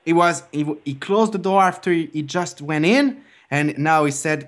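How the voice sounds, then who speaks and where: A man's voice: fairly high pitch, lively intonation, moderate pace. A young man making a prank call, complaining in an overly dramatic, stammering way. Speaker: prank caller.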